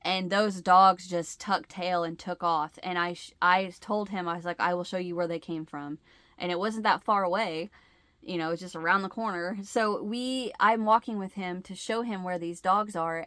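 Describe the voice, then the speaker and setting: A woman's voice: fairly low pitch, fairly even intonation, moderate pace, a bit bright, no room sound, clean studio sound. A middle-aged woman hosting a crochet channel, chatting casually to her viewers and telling a rambling story, often losing her words and restarting.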